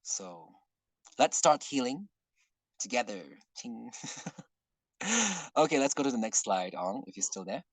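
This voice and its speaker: A man's voice: mid-range voice, lively intonation, measured pace, long pauses, dry recording, low-quality recording. Earnest man leading an online workshop. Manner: earnest, rambling, often clears throat. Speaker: workshop facilitator. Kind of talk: casual online workshop talk. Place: online video call.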